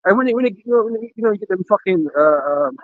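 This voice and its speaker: A man's voice: high-pitched, expressive, rapid-fire, dry recording, phone-quality sound. A man speaking heatedly in a religious camp talk, cursing and ending lines with "man" and "you know". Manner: angry, profane, repeats "man" and "you know".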